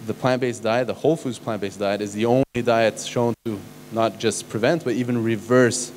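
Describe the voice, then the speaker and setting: A man's voice: fairly low pitch, a little mellow, slight background noise. A man, a doctor, giving a lecture to a live audience in a conversational way, often tossing questions and "right?" at listeners. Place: conference hall stage.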